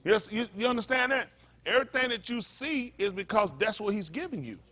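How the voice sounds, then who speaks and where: A pastor, preaching a sermon in a repetitive, emphatic manner that rises to loud peaks. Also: male voice, high voice, lively intonation, brisk.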